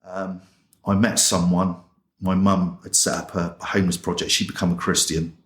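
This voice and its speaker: In a roomy-sounding space, a low-voiced English chaplain speaks at normal speed with a flat delivery. As an interview guest, he shares his personal testimony story-fashion, plain-spoken and colloquial, acting out remembered exchanges.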